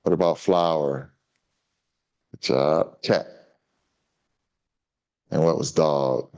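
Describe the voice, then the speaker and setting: A man reading a children's story and teaching signs to an audience in a relaxed, chatty way. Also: rumbling low, slow pace. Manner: relaxed, chatty teaching talk with many fillers. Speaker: guest sign language teacher.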